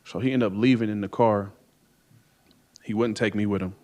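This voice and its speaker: A man with a somewhat low voice tells his side of events from the witness stand. His speech is hesitant and meandering, full of ums and repeated "I don't know"s. He is heard through the courtroom's stand microphone. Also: steady tone, moderate pace, a little mellow. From Ohio, USA. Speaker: defendant testifying. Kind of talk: courtroom testimony.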